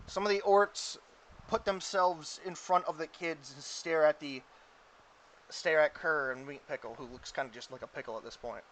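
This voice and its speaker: A man narrates as game master of a tabletop game, casual and rambling, with many "like" fillers. His voice sits a bit high, with a bright, sharp tone. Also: moderate pace.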